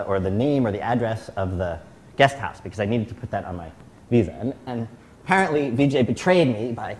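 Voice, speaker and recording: A middle-aged man tells a long anecdote as a guest speaker at a celebration. His pitch swings up and down as he goes. He often stops and restarts his sentences. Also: a little hiss or hum. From United States. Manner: animated storytelling with frequent restarts. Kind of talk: anecdotal tribute speech.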